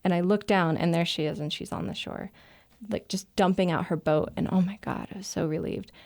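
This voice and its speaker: A woman writer telling a personal adventure story in a casual, animated way, laughing often and filling with "like". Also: fairly low pitch, a little fast, vocal fry. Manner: lively, breathless retelling with laughs and "like" fillers.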